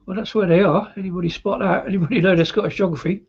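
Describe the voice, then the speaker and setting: A man's voice: sits high, fairly even intonation, rapid-fire, a little mellow, slightly rough, lo-fi sound. A British man hosting a live beer review, chatty and rambling with frequent laughs. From Britain.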